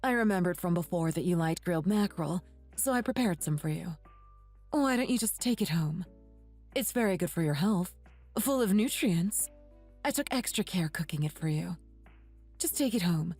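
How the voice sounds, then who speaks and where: A woman voicing a meek, apologetic older mother who speaks gently. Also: fairly low pitch, expressive, moderate pace, husky, faint music behind.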